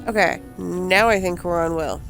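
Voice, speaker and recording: A woman's voice: fairly low pitch, fairly even intonation, moderate pace, creaky, fairly bright tone, faint music behind. A woman giving casual, giggly gameplay commentary, playful and swearing offhand. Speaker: gamer playing on a channel.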